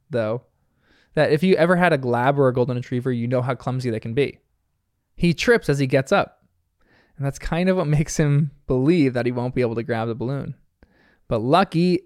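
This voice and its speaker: A young man giving an animated, amused commentary on a cartoon episode. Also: medium pitch, smooth, no echo, studio quality. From United States. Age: young adult. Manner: animated, amused, laughs often. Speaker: episode reviewer. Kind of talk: casual commentary.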